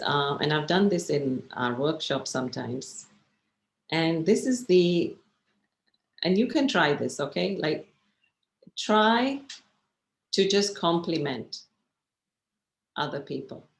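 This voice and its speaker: A woman's voice: low voice, expressive, takes it slowly, gravelly, pauses often. Woman meditation teacher, encouraging and chatty, talking over a video call from a roomy, echoey space. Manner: chatty and encouraging, often checking in with listeners. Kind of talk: online workshop talk.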